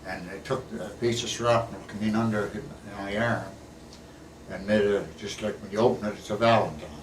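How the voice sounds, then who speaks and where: A man's voice: fairly low pitch, fairly even intonation, normal speed. An older man, a war veteran, telling his stories in a plain, folksy way, often ending sentences with "eh". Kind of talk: casual storytelling interview. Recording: echoey room, recorded from a distance, faint background hiss.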